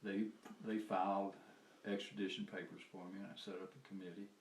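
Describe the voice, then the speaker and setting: A man's voice: low voice, monotone, fairly quick. An older man with a Southern US accent, telling a rambling personal story with chuckles and profanity. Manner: chuckling, profane, trails off and restarts. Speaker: interviewee recalling activism. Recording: roomy, distant mic with faint noise.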